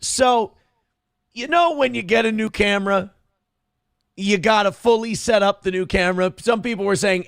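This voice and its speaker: A man's voice: high-pitched, expressive, moderate pace, gravelly, no room sound, clean studio sound. A man talking casually on his own stream, rambling and self-deprecating as he explains his setup.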